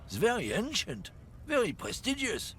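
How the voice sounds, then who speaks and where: A man voicing a gruff, bigoted middle-aged trucker from a game, swaggering and sneering as he boasts. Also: high-pitched, wildly swooping pitch, normal speed, fairly bright tone, voice pushed up, full character voice. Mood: boastful. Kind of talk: voicing game dialogue on a livestream.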